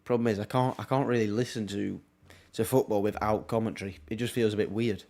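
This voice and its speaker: A young man, casually commentating on a football match live for his stream, with wry asides and quick reactions. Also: fairly low pitch, fairly even intonation, darkish tone. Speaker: watchalong streamer.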